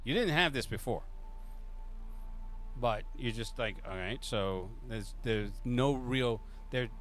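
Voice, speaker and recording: A man running a tabletop game as game master, narrating in a loose, improvised, halting way. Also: mid-range voice, fairly bright tone, soft background music.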